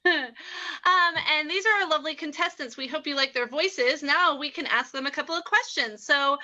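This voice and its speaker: A woman's voice: sits high, normal speed, pushed and bright, highs cut off. A woman hosting an improv game over a video call, chatty and giggly.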